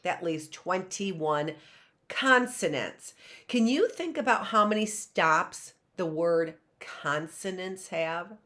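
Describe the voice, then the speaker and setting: An American woman leads an online phonics lesson for young children, coaxing them to shout out answers. Her voice sits a little low and slow but rises and falls a great deal, sing-song and encouraging. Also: lively intonation. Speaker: teacher.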